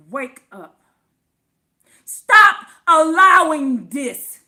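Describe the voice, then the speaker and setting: Fervent high-voiced woman preaching scripture. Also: very animated, slow. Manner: fervent, swinging from shouts to hushed whispers; repeats words for emphasis.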